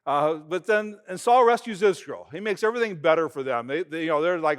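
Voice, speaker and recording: A man preaches in a chatty, storytelling way, his voice sitting somewhat high for a man. He retells events in plain words, with quick asides and restarts, as a pastor talking to his church. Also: smooth. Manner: animated storytelling, retelling events in everyday talk. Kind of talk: conversational sermon.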